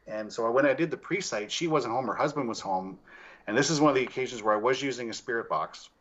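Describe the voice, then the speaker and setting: A man's voice: mid-range voice, quick pace. Man telling ghost stories, lo-fi sound. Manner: animated anecdotes with acted quotes, laughs often. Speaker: paranormal investigator guest. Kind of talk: casual storytelling.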